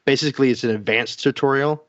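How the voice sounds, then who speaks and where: A man's voice: medium pitch, fast, a bit bright, no room sound. A man co-hosting a casual gaming news podcast, chatty and rambling with lots of fillers. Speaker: podcast co-host. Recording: dull lo-fi sound.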